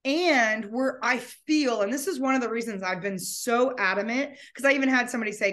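A woman's voice: a little high, a little fast, hardly any pauses, a bit bright. A woman talking as a guest in an emotional, heartfelt conversation, at times near tears.

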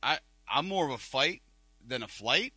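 A man's voice: medium pitch, expressive, normal speed, sharp tone, breathy edge, no room sound. A man co-hosting a podcast, telling a rambling story in casual chat, full of fillers and restarts. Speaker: podcast co-host. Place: Cleveland, Ohio.

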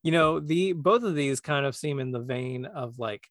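A man co-hosting a podcast, talking in a relaxed, easygoing way and thinking aloud with plenty of filler words. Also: mid-range voice, normal speed, no echo, studio quality. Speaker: podcast co-host, voice actor. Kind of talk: casual podcast chat.

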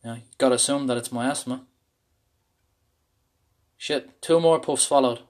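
A man from Ireland tells a candid, intense personal story about a panic attack, speaking openly and swearing freely. His voice is mid-range and a little mellow, and he goes at a moderate pace.

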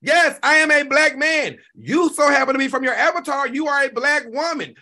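A man, hosting a live stream and reacting to chat in an animated, profane, talk-back way. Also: extremely high pitch, moderate pace. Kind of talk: casual live stream commentary.

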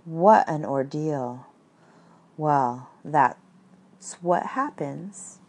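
Slow, low-voiced woman reading a story. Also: lively intonation, darkish tone, breathy edge. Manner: unhurried, with asides to the listener.

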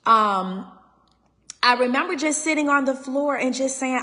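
Tearful woman host, high voice, long reverb, raw faith talk. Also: unhurried, pushed and bright. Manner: raw, tearful, holding back crying. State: near tears. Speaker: podcast host. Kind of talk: emotional faith talk to listeners.

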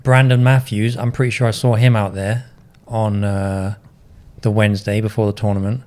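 A man's voice: on the low side, little pitch movement, normal speed, darkish tone. Male co-host, dry and matter-of-fact, casual chat. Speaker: podcast co-host and caddie.

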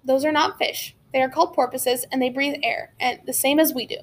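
A woman voicing a secretive young girl in an audiobook, speaking in a calm, guarded, firm way. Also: high voice, brisk. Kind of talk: audiobook character voice.

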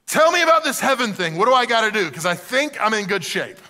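A man voicing an eager, excited young rich man who shouts with excitement. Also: sits high, quick pace, voice pushed up, full character voice. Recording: reverberant hall.

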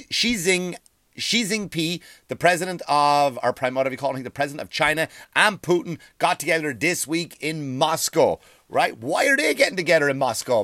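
A man's voice: medium pitch, fairly bright tone, no echo, studio quality. Swearing, rambling man ranting. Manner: profane, rambling, stumbles over words. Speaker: podcast host. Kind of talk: ranting monologue.

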